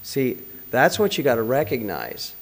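A man's voice: mid-range voice, sing-song, normal speed, in a large hall. A man preaching a conversational sermon, full of rhetorical questions and direct appeals to the congregation.

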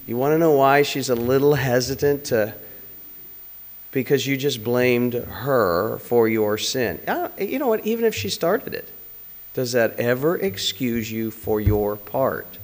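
A man's voice: mid-range voice, very animated, measured pace, big-room sound, faint music behind. A man preaching a conversational sermon, full of rhetorical questions and direct appeals to the congregation.

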